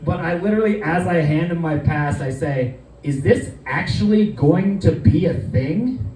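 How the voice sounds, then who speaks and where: A man's voice: fairly high pitch, moderate pace, dark tone, a little hiss or hum. Guy rambling thru a sweary funny story, kinda far from the mic, echoey room. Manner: loose, profane, rambling with many fillers. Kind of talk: comedic storytelling monologue.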